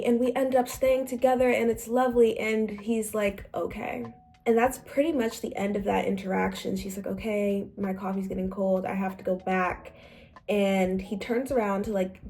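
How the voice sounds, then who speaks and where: A woman's voice: mid-range voice, mellow, slight background noise. A young woman talking casually about a book she read, chatty and acting out the characters' lines. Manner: chatty, acts out quotes in different voices. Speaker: book club vlogger.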